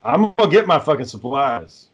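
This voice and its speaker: A man with a fairly high voice tells stories in a casual group chat, blunt and full of swearing. He sounds easygoing and plain-spoken, talking over a voice chat. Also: sing-song, moderate pace, husky, muffled recording. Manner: profane, blunt storytelling.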